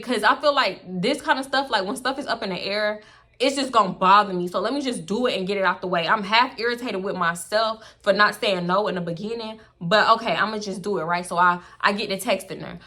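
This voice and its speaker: Sassy, bright young woman. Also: mid-range voice, fast. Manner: animated, sassy, acts out the characters in the story. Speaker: storyteller, channel host. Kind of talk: casual storytime vlog.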